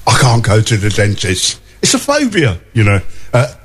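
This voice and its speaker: A man's voice: lowish voice, huge pitch swings, moderate pace, slightly rough. A male radio host chatting and reading out listener messages in a jokey way, laughing often.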